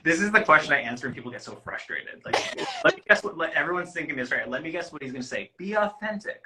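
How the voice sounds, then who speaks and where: A man's voice: medium pitch, very fast, very noisy. A man working as a casting producer, giving candid, rambling advice in a casual chat and swearing freely.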